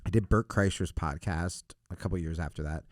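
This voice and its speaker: Animated, swearing storyteller man, low voice. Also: a little fast, no room sound, clean studio sound. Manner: laughs through his stories. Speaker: podcast guest, comedian. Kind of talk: casual chat. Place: podcast studio.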